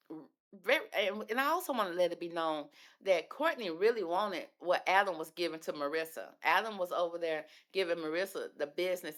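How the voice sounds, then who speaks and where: A woman's voice: lowish voice, fairly bright tone. A woman hosting a casual reality TV recap, chatty and gossipy, calling listeners "baby" and acting out the people she discusses. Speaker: reality TV commentary host.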